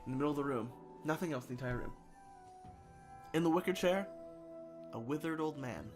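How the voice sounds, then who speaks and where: A man's voice: a little high, brisk, music in the background. A man hosting a game playthrough, making up a comic story as he goes and laughing often. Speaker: let's play host.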